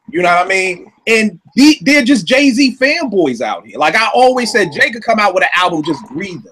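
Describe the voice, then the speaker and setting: A man with a high voice rants to his co-host with loud disbelief. His storytelling is loose, profane and animated, full of asides and punchlines. It sounds like a casual talk show. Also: normal speed, hardly any pauses, slight background noise. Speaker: podcast host. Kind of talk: casual comedic rant.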